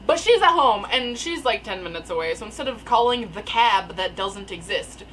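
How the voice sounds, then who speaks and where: A young woman telling a rambling, animated story in casual storytime style from her attic room. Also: mid-range voice, moderate pace, a little hiss or hum, rough recording. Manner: rambling, animated, filler-heavy. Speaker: storyteller vlogger. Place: attic bedroom. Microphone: camera mic.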